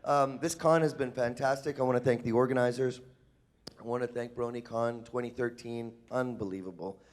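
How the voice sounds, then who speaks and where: A man's voice: mid-range voice, steady tone, a little fast. A man talking to a convention panel audience, emotional and laughing, chatting with the crowd. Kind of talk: live convention panel talk.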